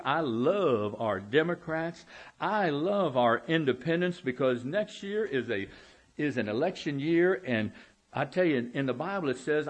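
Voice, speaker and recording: A man preaching a sermon as pastor in a church, emphatic and drawing out key words, calling out for amens. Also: a little high. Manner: emphatic, slow drawn-out words, calls out for amens. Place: church sanctuary.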